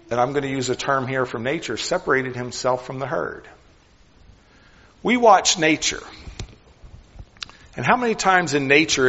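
A man preaching a sermon in an earnest, questioning way, often dropping his voice softly on key lines. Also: medium pitch, long reverb tail, muffled recording.

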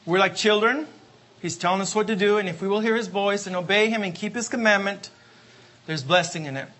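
A man's voice: high voice, brisk, pushed and bright. A man preaching a sermon, emphatic and repetitive, asking for amens. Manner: emphatic, repeats refrains, asks the congregation for amens.

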